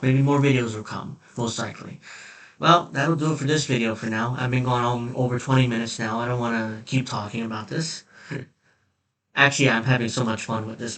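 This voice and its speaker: Brief: male commentary vlogger, blunt and mocking, middle-pitched, a bit off-mic. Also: a bit bright, far from the mic, poor audio. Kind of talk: casual opinion monologue.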